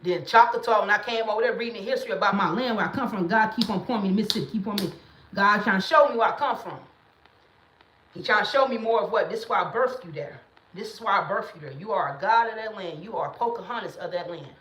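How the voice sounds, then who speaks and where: A woman hosting a livestream in casual talk, blunt and emphatic, sometimes rising into loud preaching bursts, speaking into a phone or webcam. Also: medium pitch, fast, reverberant. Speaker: livestream host.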